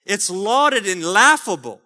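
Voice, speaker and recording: A man's voice: high voice, animated, slow pace, sharp tone, in a large hall. A man pastor preaching a fervent sermon to his congregation, calling for amens. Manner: fervent preaching with calls of amen. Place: church sanctuary.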